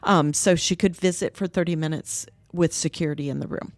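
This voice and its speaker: A middle-aged woman telling stories in conversation, candid and lively, acting out what others said. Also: deep voice, fairly quick, dry recording. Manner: candid, animated quoting of others. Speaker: guest, nonprofit co-founder. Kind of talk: conversational storytelling. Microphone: podcast microphone.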